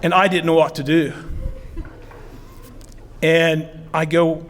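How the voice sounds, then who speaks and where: A middle-aged man from southeastern Ohio speaks at a ceremony as a football coach, in a slightly high voice. He tells his stories in a rambling, heartfelt way, full of fillers. A long hall reverb hangs behind every phrase. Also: little pitch movement, slow pace, a little hiss or hum. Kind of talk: acceptance speech.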